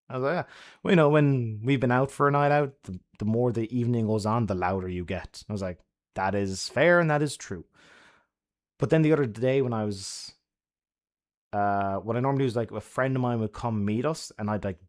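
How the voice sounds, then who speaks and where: A man giving friendly advice to his chat on a casual live stream, laughing often and swearing freely. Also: mid-range voice.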